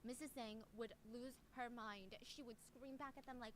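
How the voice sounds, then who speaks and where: Woman storyteller, chatty and animated, bit of faint hiss behind. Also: fairly high pitch, normal speed, poor audio. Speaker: storyteller host. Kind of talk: casual storytelling.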